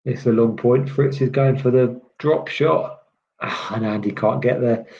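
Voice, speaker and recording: This man from the UK commentates casually on live tennis, rambling and chatting as he answers viewers with many "um"s. His voice is mid-range, a little slow, and a little mellow. The lo-fi stream audio comes across slightly dull.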